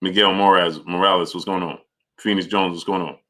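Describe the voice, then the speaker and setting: A man's voice: deep voice, level tone, fast. Man hosting a boxing live stream. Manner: greets viewers by name, argues forcefully. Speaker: boxing channel host. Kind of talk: live-stream chat and commentary.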